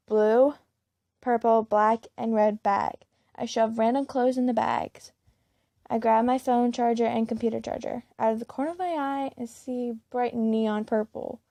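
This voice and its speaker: A woman's voice: a little high, fairly even intonation, a little slow, vocal fry, mellow, dry recording. A woman reading a first-person fan story aloud in a plain way, with small slips and restarts. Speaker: fan-fiction reader.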